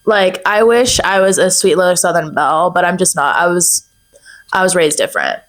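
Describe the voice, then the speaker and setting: A young woman talking as a podcast guest in a casual chat, chatty and animated, with many fillers. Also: lowish voice, normal speed. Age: young adult.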